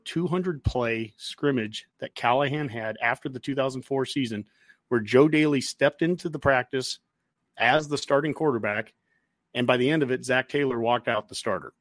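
A man co-hosting a sports podcast, talking in a casual, animated way and getting worked up as he goes. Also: medium pitch, dry recording. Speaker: podcast co-host.

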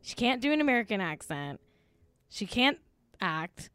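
A woman's voice: a little high, sing-song, moderate pace, a bit bright, clean tone, no echo. A woman co-hosting a casual podcast chat, gossipy and blunt, peppering her talk with "like.". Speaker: podcast co-host.

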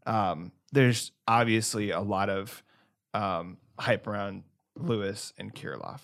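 A man hosting a baseball podcast, asking questions in a halting way with many pauses and fillers. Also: lowish voice, creaky, fairly bright tone. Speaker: podcast host. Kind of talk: casual sports chat.

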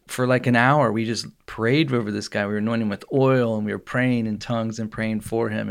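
A man co-hosting a podcast, telling a story in a casual, animated way. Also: medium pitch, creaky. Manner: animated storyteller, laughs often. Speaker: podcast co-host.

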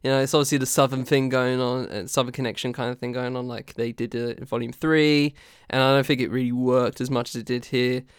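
Male co-host, smooth and dry, rambling, casual chat. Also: mid-range voice, flat delivery, quick pace, dry recording. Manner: rambling, hesitant, laughs often. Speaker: podcast co-host.

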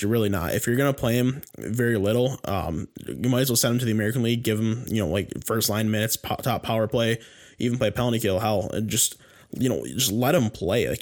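Guy on a sports podcast, rambles and gets fired up, lots of restarts. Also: lowish voice. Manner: rambling, heated, many restarts and fillers. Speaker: podcast co-host. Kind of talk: casual sports chat.

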